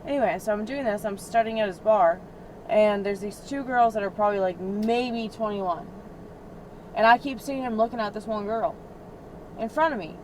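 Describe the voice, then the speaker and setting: A woman in her twenties riding as a rideshare passenger vents in a heated, profane, filler-heavy way during a casual in-car chat. Her mid-range voice is a little mellow at a moderate pace, captured by the cabin camera in low quality with faint road noise.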